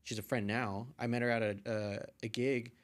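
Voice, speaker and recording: Animated young man telling a story. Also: mid-range voice, normal speed. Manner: animated retelling, acts out quoted voices, swears freely. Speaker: podcast guest, artist and photographer. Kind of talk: casual storytelling.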